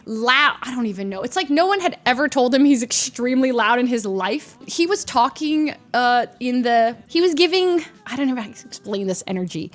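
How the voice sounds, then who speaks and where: A young woman streamer with a high-pitched voice tells a story during casual chat. She's animated, laughs often, and loudly mimics the people in her tale.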